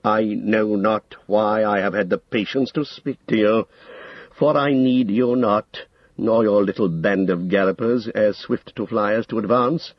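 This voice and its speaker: Old male wizard, persuasive and proud, man doing the voice, husky tone, dry lo-fi audiobook. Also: on the low side, a little slow, no echo. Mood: scornful. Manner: smooth coaxing, rising to lofty emphasis. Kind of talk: audiobook character reading.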